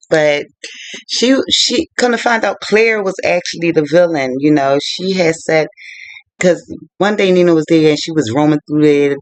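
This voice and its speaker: Man, book review, animated casual storytelling, higher voice, dry close sound. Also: no room sound.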